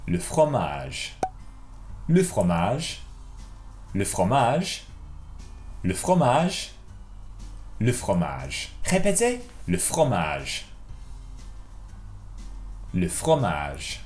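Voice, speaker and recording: Lively, playful male French teacher. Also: fairly low pitch, drawn-out words, long pauses. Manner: playful, drills words with varied voices. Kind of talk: children's language lesson. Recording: echoey room with faint music.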